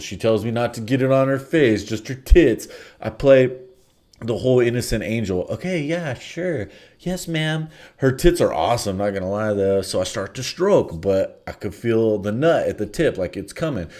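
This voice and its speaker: A man's voice: fairly low pitch, moderate pace, warm tone. A man telling a crude comedic story in a blunt, offhand way, with bored asides.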